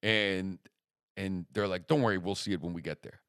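A young man telling a story in casual chat, lively and swearing freely, acting out the other people's lines. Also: sits low, moderate pace, creaky, no echo, clean studio sound. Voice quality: animated storyteller, swears freely, acts out quoted voices.

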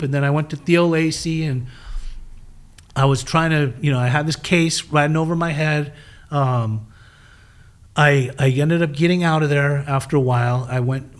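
Animated man telling his story. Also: fairly high pitch. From southern California. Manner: animated storyteller acting out quoted voices. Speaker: guest. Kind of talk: storytelling in a recovery interview.

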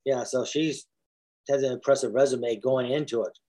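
A man's voice: medium pitch, fairly even intonation, normal speed, mellow. Man cracking jokes on a podcast. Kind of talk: casual chat.

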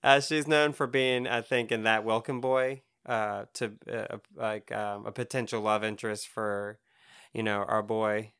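A young man co-hosting a podcast chats loosely about comics, laughing often as he goes. His voice is on the low side, a bit bright, clear and resonant, with flat delivery at a measured pace.

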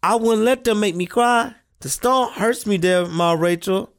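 A woman voicing an earnest, thoughtful seven-year-old boy, who speaks slowly and questioningly in an audio play reading. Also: mid-range voice, lightly acted. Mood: hurt. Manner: slow, earnest childlike questioning.

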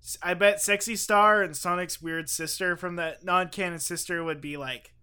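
A man's voice: high-pitched, fairly even intonation, moderate pace, bright, forceful tone, smooth. A young man hosting a comedy podcast, joking and laughing often, self-mocking. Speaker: podcast host. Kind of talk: casual comedic chat.

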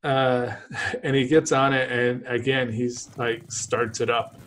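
A man's voice: mid-range voice, flat delivery, takes it slowly, a bit bright, a little hiss or hum. A man narrating as game master of a tabletop game, casual and often laughing.

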